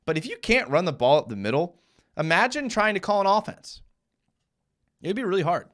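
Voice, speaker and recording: A young man hosting a live fan show, giving casual football commentary over game film with animated, fired-up rants full of restarts. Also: high voice, a little fast.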